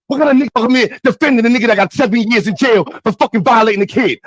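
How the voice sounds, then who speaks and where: A young man with a Brooklyn accent, ranting angrily to his chat on a livestream, shouting and swearing. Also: extremely high pitch, animated, fast, hardly any pauses, no room sound, poor audio. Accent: Brooklyn, New York. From New York. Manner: angry, shouting, profane.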